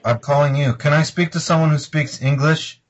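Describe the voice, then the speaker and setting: A man hosting a radio show who makes crude, mocking prank calls in a deadpan tone. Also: a little high, fairly quick. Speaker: radio host and prank caller. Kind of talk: prank phone call and radio banter. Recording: lo-fi radio recording.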